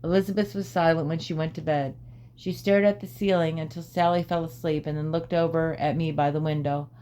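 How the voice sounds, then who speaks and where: A woman calmly narrating a storybook as an audiobook reader, in a measured way. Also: low-pitched, a little hiss or hum.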